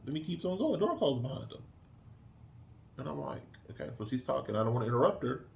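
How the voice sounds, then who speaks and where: A middle-aged man casually telling a story, acting out quoted voices in an animated way. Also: medium pitch, quick pace, gravelly. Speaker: co-host.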